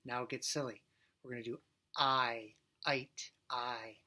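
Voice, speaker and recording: A male preschool teacher talking gently and playfully to young children, singing a silly song and reading a picture book aloud. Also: mid-range voice, steady tone, unhurried. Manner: gentle, playful, talks directly to young kids.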